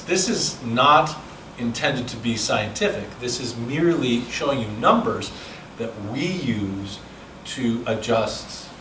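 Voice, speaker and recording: A man's voice: medium pitch, background noise. A male speaking coach leading a seminar, explaining measurements in a chatty, explanatory way and answering questions. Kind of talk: seminar lecture. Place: seminar room. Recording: echoey room, from a distance.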